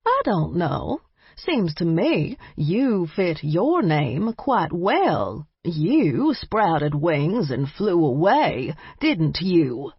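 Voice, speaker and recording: An older grandmother, bossy and affectionate, scolding with a folksy drawl, as a woman narrator puts her on. The voice is husky and sits fairly low. The audiobook recording sounds a little muffled. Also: sing-song, very slow, no room sound, exaggerated voice.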